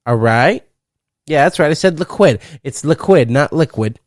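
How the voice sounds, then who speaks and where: A young man hosting a solo podcast, rambling and cursing playfully, breaking into loud laughs. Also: a little high, animated, moderate pace, dry recording, studio quality. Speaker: podcast host. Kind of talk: casual solo podcast rant.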